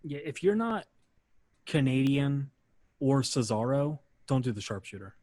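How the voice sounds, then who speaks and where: A man hosts a casual podcast, narrating a match step by step. He talks in a loose, relaxed way full of fillers. The recording is dry and close. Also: medium pitch, unhurried, no room sound. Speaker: podcast host. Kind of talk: casual play-by-play recap.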